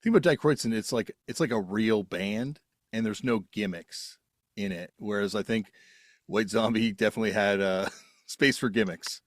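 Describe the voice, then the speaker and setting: A podcast host with a low voice talks in a relaxed, thinking-out-loud way. His voice sounds close and dry, with no room. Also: moderate pace, dry recording. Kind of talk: casual interview.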